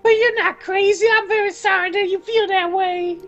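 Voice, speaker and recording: A man voicing a gentle, kindly male talking cat who soothes and reassures in a soft voice while reading game dialogue. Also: very high-pitched, fairly even intonation, normal speed, dull audio, soft background music. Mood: comforting.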